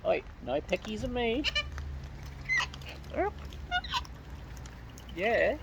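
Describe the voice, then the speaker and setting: Woman, gravelly low voice, lively sing-song baby talk, noisy outdoors with birds. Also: slow pace, long pauses. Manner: coos and baby-talks to birds. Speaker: bird feeder filming wild birds.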